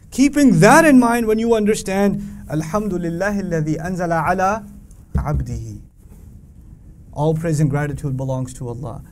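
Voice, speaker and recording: A man teaching a Quran lesson to an audience, animated and questioning, reciting Arabic verses between English explanations. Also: a little high, a little hiss or hum. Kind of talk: religious lecture to a live audience.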